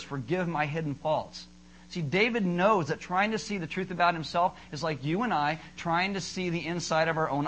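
A man pastor preaching a sermon at a church service in a conversational way, telling humorous stories and slowing down to stress his key points. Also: fairly high pitch, fairly bright tone, a little hiss or hum, low-quality recording.

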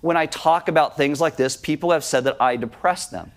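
Male pastor, sermon delivery, slightly high voice, casual self-deprecating asides. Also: a little fast. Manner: conversational, self-deprecating humor.

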